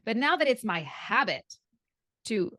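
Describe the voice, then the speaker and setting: A woman guest and coach in a podcast interview, telling stories and acting out her own past thoughts in quick little voices. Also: a little high, dry recording. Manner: animated storyteller who acts out her own past thoughts.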